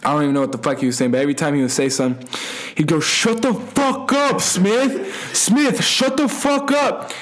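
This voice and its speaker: A young man telling a rambling, profane party story in casual slang, laughing as he goes. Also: mid-range voice. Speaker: guest storyteller.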